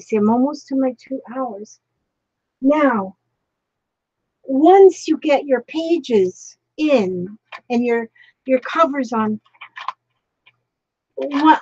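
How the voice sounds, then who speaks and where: A woman's voice: sits high, a little mellow, highs cut off, a little hiss or hum. A woman chatting through a casual craft tutorial, emotional and overwhelmed, with frequent breathless exclamations. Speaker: crafting vlogger.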